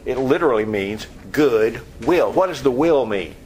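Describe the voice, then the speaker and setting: Animated man teaching from scripture. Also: mid-range voice, moderate pace, slight background noise, rough recording. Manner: animated, acts out scenes. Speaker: pastor. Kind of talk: expository Bible teaching.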